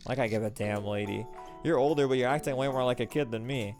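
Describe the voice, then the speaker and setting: A man voicing a rude, jaded village boy who talks in a gruff, dismissive way and swears. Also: mid-range voice, fast, music in the background, close to an everyday voice.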